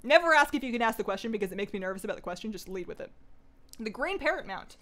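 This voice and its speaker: A woman's voice: fairly high pitch, lively intonation, very fast, pushed and bright, a little hiss or hum. A young woman livestreaming a game, chatting casually and rambling in a self-deprecating way as she reads viewer comments. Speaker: gaming streamer. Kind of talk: casual live-stream chat.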